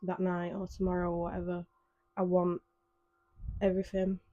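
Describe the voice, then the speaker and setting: A woman's voice: on the low side, completely flat delivery, normal speed, dark tone, no room sound, dull audio. Woman co-host in laid-back chat. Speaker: podcast co-host. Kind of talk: casual chat.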